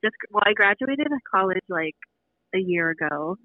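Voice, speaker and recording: A woman in her twenties from California calling into a show as an excited, giggly fan. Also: mid-range voice, moderate pace, no echo. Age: 20s. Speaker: caller. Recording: tinny dry phone line.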